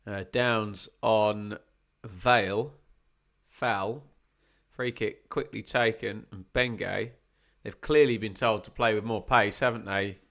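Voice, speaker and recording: A man's voice: fairly low pitch, slow. A man doing chatty live commentary on a football match for a watch-along stream. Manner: chatty, wry asides, gets excited at chances.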